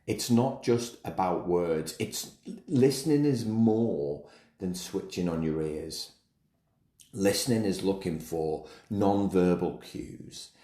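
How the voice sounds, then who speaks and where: A man's voice: sits low, slow, warm tone, echoey room. A man hosting a solo podcast, talking conversationally with frequent restarts and repeated words. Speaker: podcast host.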